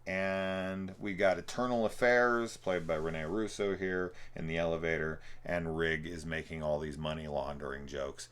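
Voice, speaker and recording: A young man with a very low, deep voice talks through a film in a loose, rambling way. He swears freely and peppers every thought with "like" and "um". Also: fairly even intonation, moderate pace, hardly any pauses, fairly bright tone. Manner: rambling, profane, full of "like". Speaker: film reviewer. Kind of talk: casual movie review commentary.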